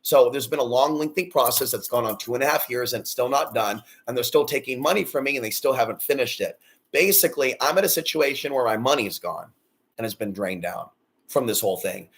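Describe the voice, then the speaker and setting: A man's voice: mid-range voice, fairly quick. A man in his forties on a personal vlog, ranting bitterly and swearing a lot. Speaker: vlogger. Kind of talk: angry personal rant.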